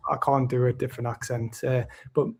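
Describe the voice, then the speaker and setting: A man's voice: mid-range voice, little pitch movement, quick pace, creaky, darkish tone, slightly rough. A man with a Tyneside Geordie accent from Gateshead, hosting a casual interview in a friendly, enthusiastic way with hesitant restarts. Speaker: podcast host.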